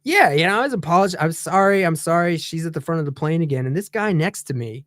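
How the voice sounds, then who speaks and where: A man telling a story in a casual chat show, animated and heated, laughing as he goes. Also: fairly high pitch, fast, dry recording. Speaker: guest on a talk show.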